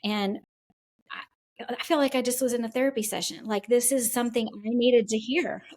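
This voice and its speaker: A woman co-hosts a casual podcast conversation. She talks effusively and wears her emotions openly, and her voice sits a little high. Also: fairly even intonation, moderate pace, a little mellow. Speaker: podcast co-host.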